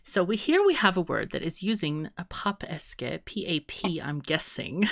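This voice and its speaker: A woman's voice: fairly low pitch, lively intonation, moderate pace, creaky, no echo, clean studio sound. A woman co-hosting a podcast in playful casual chat, rambling through guesses and laughing often. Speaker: podcast co-host.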